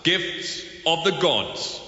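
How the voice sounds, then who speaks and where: A man's voice: a little high, sing-song, drawn-out words, sharp tone, heavily acted. A man playing Zeus, the lofty, commanding king of the gods, in a radio comedy sketch, with a grand declaiming delivery. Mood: regal. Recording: dull lo-fi roomy radio recording.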